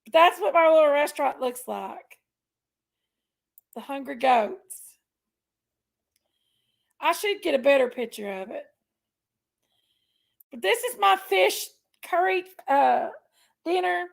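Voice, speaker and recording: A woman hosting a casual live chat, loud and laughing often, her voice hoarse from allergies. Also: high-pitched, expressive, slow, long pauses. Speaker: livestream host.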